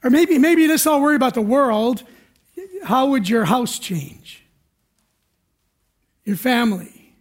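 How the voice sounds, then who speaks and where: A man's voice: very high-pitched, slow pace, pauses often. A man preaching a sermon as pastor, telling a self-deprecating story in a chatty way and acting out his own panic. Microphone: recorded for radio.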